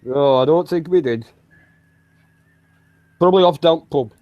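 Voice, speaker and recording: A man's voice: a little high, unhurried, no room sound, muffled recording. A man chatting casually, hesitant and often repeating words. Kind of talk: casual chat.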